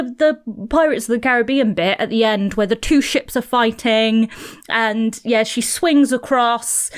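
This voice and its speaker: A woman, co-hosting a casual film podcast and retelling scenes with acted-out quotes. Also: sits high. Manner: animated storytelling, acts out quotes. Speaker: podcast co-host.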